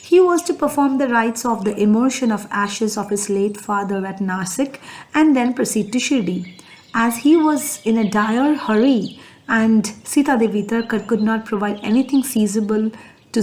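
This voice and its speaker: A woman's voice: fairly high pitch, darkish tone. Reverent woman storyteller. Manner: earnest, reverent reading. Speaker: devotional storyteller. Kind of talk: scripted devotional narration.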